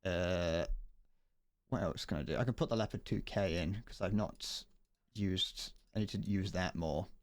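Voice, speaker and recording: A man's voice: sits low, measured pace. A man streaming a game, chatting casually, rambling and joking with viewers and swearing freely. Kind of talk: casual gameplay commentary.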